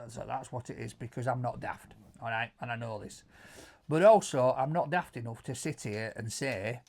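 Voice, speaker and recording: Man, Yorkshire accent, middle-aged, casual storytelling, repeats words, loud acted-out quotes. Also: mid-range voice. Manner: animated, swears, repeats words, acts out quotes loudly. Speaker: co-host answering viewer questions.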